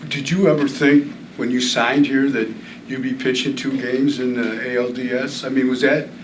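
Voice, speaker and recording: A man's voice: mid-range voice, steady tone, moderate pace. A man, a reporter, asking a question at a press conference, hesitating and rephrasing. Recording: distant mic in a noisy room.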